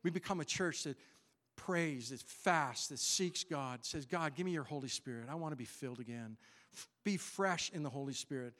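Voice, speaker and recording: Animated preaching man, fairly high voice. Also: normal speed. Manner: animated, conversational preaching with voiced Bible characters. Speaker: pastor. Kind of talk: sermon.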